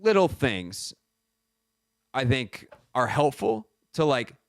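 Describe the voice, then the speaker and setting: Man, radio host, casual rambling chat, self-mocking, middle pitch, studio mic. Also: sing-song, takes it slowly, no echo. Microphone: studio microphone.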